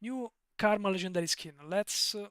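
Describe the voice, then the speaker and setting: A man's voice: high voice, normal speed, fairly bright tone, no room sound, clean studio sound. A man with an Italian accent chatting casually on a live stream, rambling, digressing and laughing often. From Italy.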